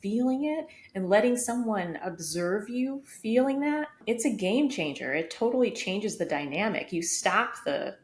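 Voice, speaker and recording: A woman's voice: mid-range voice, lively intonation, measured pace, hardly any pauses. A woman co-hosting a podcast, telling a personal story in an open, reflective way with lots of casual fillers. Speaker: podcast co-host. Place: home room, vacuum running outside the door. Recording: echoey room, faint background noise.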